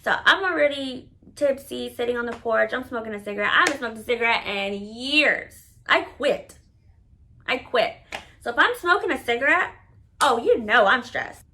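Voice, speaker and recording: A woman's voice: a little high, lively intonation, normal speed, bright, forceful tone, a little hiss or hum. A woman vlogger telling a personal story in a casual, candid monologue. She swears freely and fills her talk with "like.". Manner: candid and profane, with many "like" fillers.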